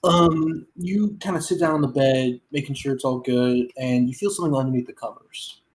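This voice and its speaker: A woman's voice: a bass voice, normal speed, rough recording. A woman running a tabletop game as game master, narrating casually with lots of ums and likes. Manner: casual, filler-heavy narration with many "um" and "like".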